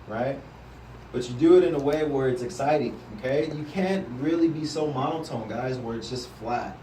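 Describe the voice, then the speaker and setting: Energetic man coaching a group, far-off mic. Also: medium pitch, moderate pace, a little hiss or hum. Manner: energetic, coaching, often asks the group "right?". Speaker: sales team trainer. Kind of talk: live training talk to a group. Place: indoor room with a group. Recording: roomy sound from a distance, faint background.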